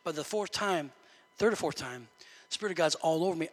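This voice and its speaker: A man preaching a sermon as pastor, telling a story and building to loud preaching. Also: on the high side, fairly quick. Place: church sanctuary. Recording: long hall reverb.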